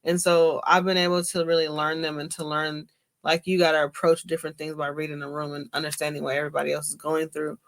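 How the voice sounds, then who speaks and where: A woman's voice: sits low, level tone, fast talker. A middle-aged woman co-hosting a casual podcast chat, reflecting and giving advice in a rambling way with fillers. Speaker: podcast co-host.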